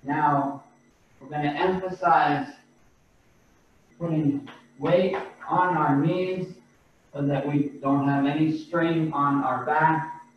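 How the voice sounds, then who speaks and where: A man teaching a qigong class over a video call, giving slow, calm breathing and movement cues. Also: a little high, slight background noise. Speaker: qigong instructor. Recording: roomy, distant, dull video-call audio.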